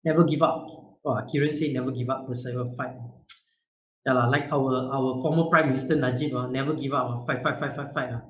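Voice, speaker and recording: A man giving an online leadership talk to young people, animated and quizzing his audience. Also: medium pitch, a little fast, roomy sound, slight background noise, poor audio. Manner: animated, asks the group questions, repetitive fillers. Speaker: youth leadership speaker. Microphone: video call.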